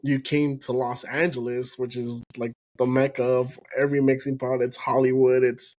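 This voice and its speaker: A man's voice: mid-range voice, little pitch movement, moderate pace, darkish tone. A man hosting a casual podcast interview, agreeing often and laughing along with his guest. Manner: affirming, frequent "mm-hmm" and laughs. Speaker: podcast host.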